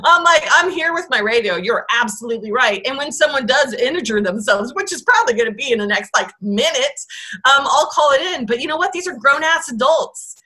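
Bright high-voiced woman telling stories. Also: expressive, a little fast. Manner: laughing, swears freely, acts out quotes. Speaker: guest, former volunteer ranger. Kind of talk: casual storytelling.

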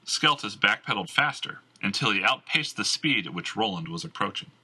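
A man narrating a fantasy novel in a measured, expressive scripted read. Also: on the low side, slightly rough. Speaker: audiobook narrator.

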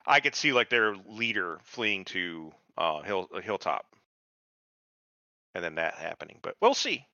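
A man's voice: low voice, very animated, a little slow, sharp tone, no echo, highs cut off. A man co-hosting a podcast, ranting in a casual and profane way about a TV episode. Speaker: podcast co-host. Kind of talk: casual TV recap chat.

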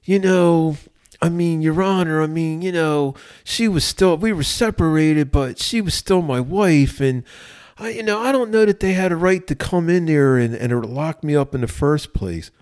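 A man putting on a sheepish defendant who makes halting excuses in a high whine. Each phrase stalls on "you know" and "I mean". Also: darkish tone, smooth, lightly acted. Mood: whining. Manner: hesitant, excuse-making whine. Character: sheepish, whining male defendant.

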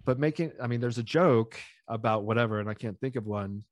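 A man's voice: medium pitch, fairly quick, no room sound. Man, casual podcast talker, rambling and heated, dry close mic. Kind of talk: casual chat.

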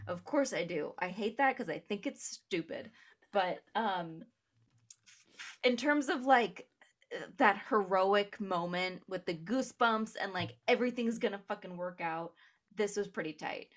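A woman co-hosting a podcast in casual film chat, gushing and excitable, laughing often and saying "like" a lot. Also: medium pitch, unhurried. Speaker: podcast co-host.

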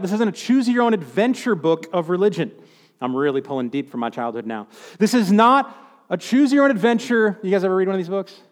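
A man's voice: sits high, big-room sound. A man preaching a sermon in a conversational way, with joking asides.

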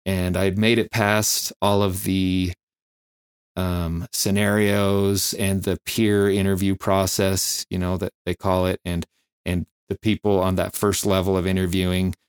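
Low-voiced man telling stories. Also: level tone, clean tone, no room sound, clean studio sound. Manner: reflective, halting, many fillers. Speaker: firefighter and flight nurse guest. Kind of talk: candid storytelling interview.

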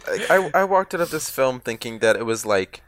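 A man's voice: medium pitch, big pitch swings, a bit bright, no echo. A man on a film podcast panel, talking casually with lots of stammers and restarts. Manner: halting, stammers and restarts, laughs. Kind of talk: casual film review chat.

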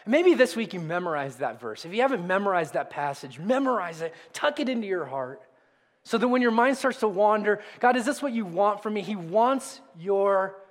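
A middle-aged man preaching a sermon as a pastor, swinging between loud emphasis and near whispers. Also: sits high. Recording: long hall reverb.

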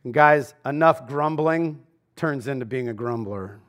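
A male pastor preaching a sermon in a church, talking to the congregation conversationally, swinging between loud emphasis and quiet asides. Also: medium pitch, unhurried. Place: church sanctuary.

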